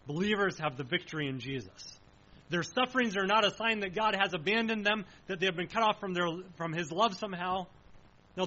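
A man preaching a sermon in an earnest, emphatic way, slowing down to stress key phrases. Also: high-pitched, pushed and bright, lo-fi sound.

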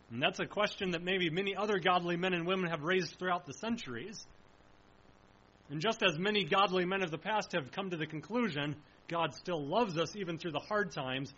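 Male preacher, high bright voice, earnest emphatic delivery, slows on key lines, dull lo-fi sound. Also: breathy edge. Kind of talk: sermon.

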